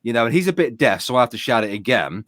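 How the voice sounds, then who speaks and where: A British man in his thirties, co-hosting a stream and telling a rowdy story in casual chat, swearing freely and acting out his own shouting. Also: medium pitch, very animated, fast talker, dry recording, clean studio sound. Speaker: streamer and co-host.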